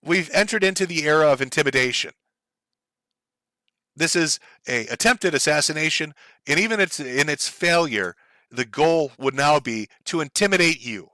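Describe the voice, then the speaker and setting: A man's voice: fairly high pitch, expressive, normal speed, bright, forceful tone, dry recording. Heated, profane man ranting on stream. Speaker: streamer host. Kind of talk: ranting livestream commentary.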